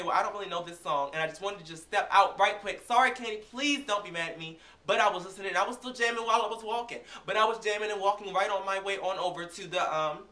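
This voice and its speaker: High, fast-talking young man vlogger. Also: reverberant. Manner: animated, chatty, acts out dialogue. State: recovering from illness. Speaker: vlogger reviewing a concert. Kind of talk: casual storytelling.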